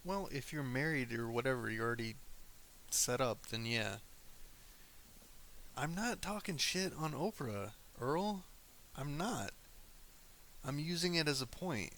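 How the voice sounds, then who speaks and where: A man's voice: medium pitch, expressive, unhurried, long pauses, fairly bright tone, slight background noise. Crude, joking young man streaming. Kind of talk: casual chat with live chat.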